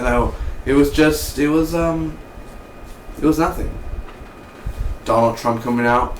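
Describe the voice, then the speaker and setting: A man giving a casual, excitable spoken TV review, full of slang and mock voices for the characters. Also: fairly high pitch, unhurried, long pauses, echoey room, slight background noise, low-quality recording. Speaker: TV show reviewer.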